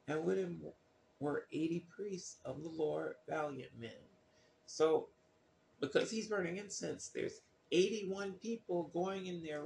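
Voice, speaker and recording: Reading passages of scripture and loosely picking them apart with a skeptical edge, this man stumbles through plenty of fillers and restarts. His voice sits a little high, slightly mellow with vocal fry, in a reverberant space carrying faint hiss or hum.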